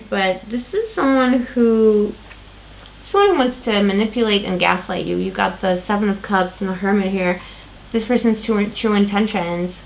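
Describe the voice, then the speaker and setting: A woman's voice: mid-range voice, a little hiss or hum, rough recording. A woman doing a casual tarot reading, talking in a loose, rambling way with lots of fillers and restarts. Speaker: tarot reader.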